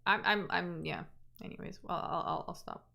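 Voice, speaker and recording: A woman's voice: lowish voice, steady tone, moderate pace, vocal fry, sharp tone, in a whisper. A woman in her twenties from Canada, hosting a livestream and chatting casually with viewers, often trailing off and restarting her sentences. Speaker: livestream host.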